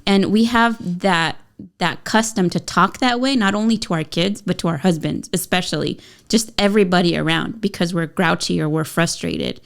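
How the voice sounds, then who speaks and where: Smooth-voiced chatty woman podcaster. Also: on the low side, normal speed. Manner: candid and chatty, with many fillers. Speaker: podcast co-host. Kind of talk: casual parenting podcast chat.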